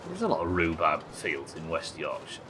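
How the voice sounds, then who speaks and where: A man's voice: a bass voice, wildly swooping pitch, normal speed, noisy background. A man chatting and joking with viewers while playing a game on a live stream, swearing casually as he goes. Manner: chatty, jokey, swears casually, teases chat.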